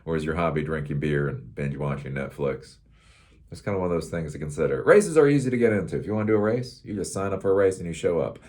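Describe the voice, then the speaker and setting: A man's voice: extremely low pitch, expressive, quick pace, a little mellow. A middle-aged man hosting a casual, rambling tech commentary show, sarcastic and laughing at his own jokes.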